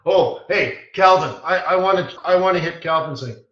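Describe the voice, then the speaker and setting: A man's voice: on the high side, normal speed, fairly bright tone. A man hosting a live trading webinar, teaching in a blunt, emphatic way with short repeated commands. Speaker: forex market strategist hosting a live webinar. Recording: roomy, distant, dull-sounding mic.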